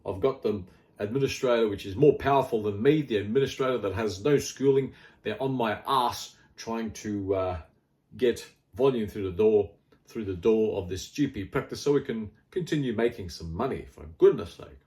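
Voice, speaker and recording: A man's voice: lowish voice, normal speed, darkish tone. A middle-aged man with an Australian accent, talking in a rambling, blunt and wry casual monologue full of fillers. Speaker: health vlogger.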